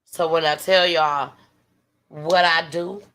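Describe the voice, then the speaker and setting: A woman's voice: low-pitched, fairly even intonation, slow, fairly bright tone. A woman hosting a livestream, talking heartfelt and tired to her viewers, sometimes dropping to a whisper. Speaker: livestream host. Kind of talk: emotional livestream talk.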